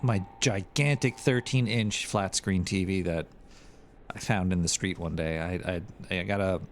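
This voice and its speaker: A man's voice: deep voice, unhurried, slight background noise. A man hosting a live show, chatting in a rambling, crude, irreverent way. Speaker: show host. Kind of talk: casual livestream chat.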